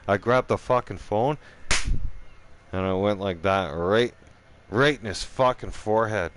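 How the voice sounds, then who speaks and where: A man's voice: fairly low pitch, a little slow, pauses often, clear, resonant tone. A man telling a profane personal story in casual style, acting out the voices as he goes. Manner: profane, animated, acts out every voice himself.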